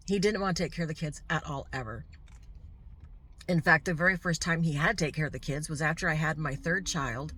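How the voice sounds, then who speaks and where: A woman's voice: deep voice, a bit bright, a little hiss or hum. A middle-aged woman vlogger telling a personal story to camera, candid and heartfelt, with asides to the viewer.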